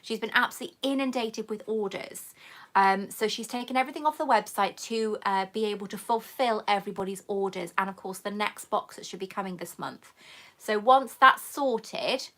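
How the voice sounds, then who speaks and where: A woman's voice: mid-range voice, normal speed, a bit bright. A woman hosting a casual live chat, reading viewer comments aloud and calling people darling. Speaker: YouTube host answering live chat questions.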